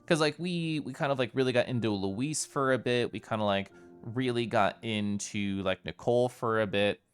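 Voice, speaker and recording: A man's voice: mid-range voice, normal speed, clean tone, soft background music. A man streaming a story game live, reflecting on the plot and greeting chat in a chatty, thoughtful way.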